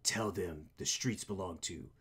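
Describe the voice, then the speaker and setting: A man voicing a grim male vigilante hero with a low, gravelly growl, delivering slow, half-whispered threats. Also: fairly bright tone, slight background noise. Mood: menacing.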